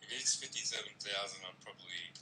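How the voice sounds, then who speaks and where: A man's voice: on the low side, fast talker, heavy background noise. A man with an Australian accent, chatting casually on a livestream, rambling and laughing often. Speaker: co-host.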